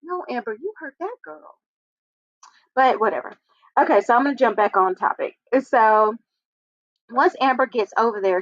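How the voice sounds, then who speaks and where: A woman's voice: mid-range voice, fairly bright tone, no room sound. A woman hosting a casual recap chat, retelling scenes and adding blunt, opinionated asides. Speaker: host of a reality TV recap show. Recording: dull, lo-fi audio.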